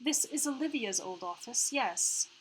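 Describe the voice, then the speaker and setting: A woman reading aloud the lines of a calm female AI hologram, in a measured, formal manner, her accent sliding toward Australian. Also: fairly high pitch, slight background noise, low-quality recording. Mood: calm informative.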